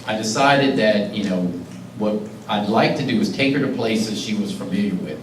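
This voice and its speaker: A man's voice: fairly low pitch, moderate pace, a little hiss or hum. A middle-aged man, a county executive, giving a public speech and earnestly telling an emotional personal story. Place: community meeting hall. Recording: roomy, distant mic, faint ambience.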